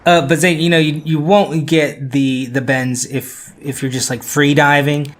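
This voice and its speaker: A man's voice: a little high, flat delivery, unhurried, fairly bright tone. Man explaining things on a podcast. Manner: explanatory, walks through facts step by step. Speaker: podcast co-host. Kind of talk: casual explaining.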